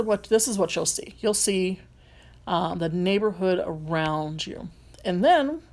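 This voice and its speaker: A woman with a light Southern accent, a rideshare driver and vlogger, talking casually through a phone tutorial, rambling with frequent ums and restarts. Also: lowish voice.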